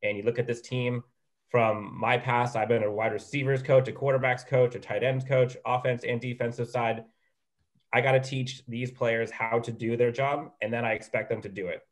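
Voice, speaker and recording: A man's voice: medium pitch, steady tone, normal speed. A man speaking bluntly and firmly as a podcast guest. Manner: blunt, firm.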